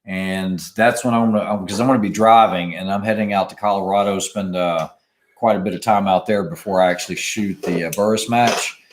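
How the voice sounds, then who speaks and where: Lively low-voiced man chatting. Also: fairly quick, a little hiss or hum. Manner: animated, reads viewer questions aloud. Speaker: podcast co-host. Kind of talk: casual chat about shooting.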